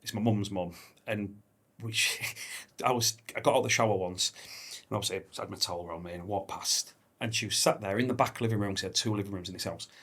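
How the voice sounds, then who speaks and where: A man hosting a podcast, chatting casually, swearing freely and telling stories with lively impressions of the people in them. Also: lowish voice, fast, few pauses. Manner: animated storyteller, swears freely, acts out quotes. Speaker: podcast host. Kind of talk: casual chat.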